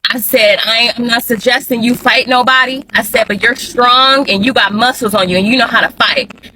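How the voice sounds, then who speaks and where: Heated blunt woman with a bright voice. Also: on the high side, steady tone, moderate pace, slight background noise, low-quality recording. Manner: heated, blunt, emphatic, repeats for emphasis. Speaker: mother vlogger. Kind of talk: angry personal vlog.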